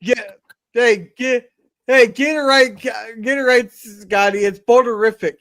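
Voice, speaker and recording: A man's voice: very high voice, takes it slowly, sharp tone. A man from Canada hosting a casual live stream, reading viewer comments aloud and joking with guests. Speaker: host reading chat.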